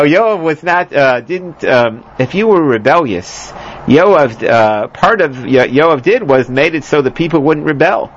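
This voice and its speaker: This man's voice is fairly high as he teaches a scripture lesson, wandering through it with many fillers, restarts, and jokey tangents. He's a Bible teacher, and the dull lo-fi recording has a little hiss or hum.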